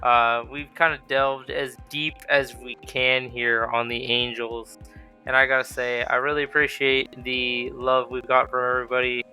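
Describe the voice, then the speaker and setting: A man's voice: medium pitch, little pitch movement, moderate pace, sharp tone, soft background music. A young adult man hosting a podcast in casual chat, joking with loose profanity. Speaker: podcast host.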